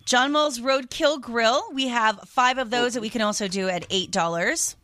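A woman hosting a radio call-in show, brisk, cheerful and friendly as she takes callers' orders. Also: on the high side, bright, forceful tone, dry recording. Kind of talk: upbeat on-air call-taking. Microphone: studio microphone.

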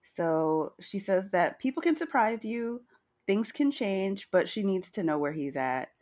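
A woman co-hosting a casual recap chat, chatty and wry, with a slightly hoarse morning voice. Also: mid-range voice, expressive, measured pace, darkish tone. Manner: chatty, wry, retells scenes with quoted lines. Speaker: podcast co-host recapping a reality show.

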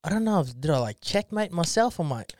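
A man's voice: on the high side, big pitch swings, a little fast, darkish tone, no echo, studio quality. A man, co-hosting a podcast, rambling and swearing with frequent laughs in casual chat. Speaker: podcast co-host.

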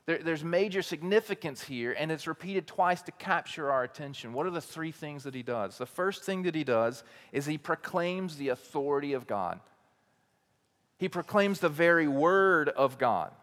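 A man preaching a sermon in a slightly higher voice, swinging between loud, ringing declarations and hushed low passages. He often repeats and restarts his words. A long hall reverb trails behind him. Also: lively intonation, moderate pace. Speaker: teaching pastor. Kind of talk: expository sermon.

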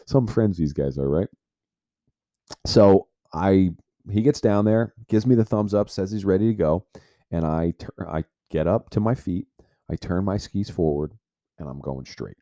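A man with a low, mellow voice tells a personal story as a podcast host. He rambles, restarting phrases and leaning on "like" again and again. The sound is dry and close, with no room around it. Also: normal speed, dry recording. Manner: rambling, heavy use of filler "like".

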